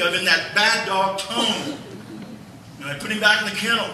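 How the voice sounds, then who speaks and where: A male pastor preaching a sermon, telling a family story in a folksy, animated way. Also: high-pitched, moderate pace, a little hiss or hum. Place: church sanctuary. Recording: echoey church hall from far off.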